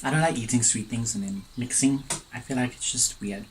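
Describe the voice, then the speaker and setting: A chatty man tells a story while eating, tasting his food between sentences and wandering off into asides. His voice sits at an ordinary middle pitch. A faint steady noise runs behind him at home. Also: brisk, low-quality recording. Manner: rambling, digressive, chatty. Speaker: mukbang vlogger.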